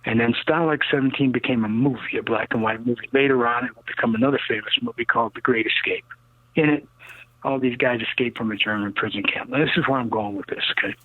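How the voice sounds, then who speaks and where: This is an older man in his sixties, heard over a narrow, phone-like line with a dry sound. He tells long, winding stories as a guest, emphatic and cynical. He keeps punctuating them with "okay?" and "you know," and his pitch sits in an ordinary middle range. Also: fairly even intonation, fast talker, no echo. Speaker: rocket builder interviewed as guest. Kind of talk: casual rambling storytelling interview.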